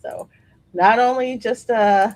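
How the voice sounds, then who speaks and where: A woman hosting a casual podcast, reacting to videos in an animated way and laughing often. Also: slow pace, no echo, low-quality recording. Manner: animated, laughs often, high bursts when excited. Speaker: podcast host.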